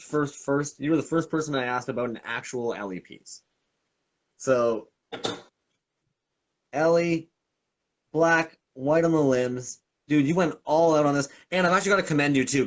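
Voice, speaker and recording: A man hosting a casual live Q&A who talks enthusiastically and at length, wandering from point to point. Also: fairly high pitch. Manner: enthusiastic, talkative, meandering. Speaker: host.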